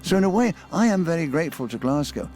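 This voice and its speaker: A man's voice: on the high side, fast talker, soft background music. Older English-accented man reminiscing. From England. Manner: animated storyteller. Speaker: guest. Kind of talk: anecdotal reminiscing.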